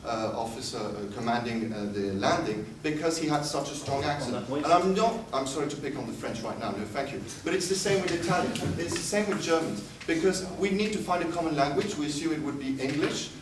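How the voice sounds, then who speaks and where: A man delivers a formal debate speech in a somewhat high voice, slipping in dry, sarcastic jabs. He sounds distant from the mic, in a reverberant hall. A steady hum of background noise runs underneath. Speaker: debate speaker. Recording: echoey hall from far off with noise.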